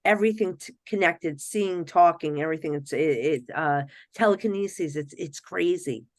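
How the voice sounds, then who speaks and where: A middle-aged woman, a psychic medium guest on a podcast, telling stories in a casual, animated way, often acting out other people's voices and laughing. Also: fairly low pitch, moderate pace, no echo. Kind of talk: casual storytelling in a podcast interview.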